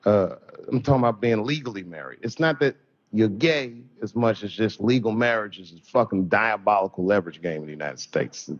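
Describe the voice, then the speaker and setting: A man's voice: on the low side, lively intonation, fairly quick, muffled recording. A man doing a stand-up comedy routine on stage, telling stories bluntly and profanely. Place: comedy stage before an audience.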